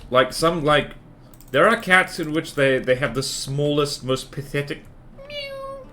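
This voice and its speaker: A man's voice: a little high, a little slow, bright, forceful tone, a little hiss or hum. A man streaming a game, chatting casually in a rambling, playful, self-mocking way. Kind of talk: casual livestream chatter while building in a game.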